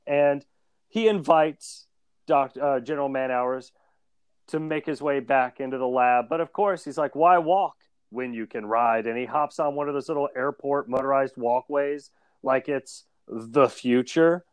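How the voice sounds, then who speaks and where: A man's voice: medium pitch, a little slow, smooth, no room sound. Jokey man with a dry close sound. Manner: jokey, laughs often, animated. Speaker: podcast co-host. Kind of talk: casual chat recapping a cartoon episode.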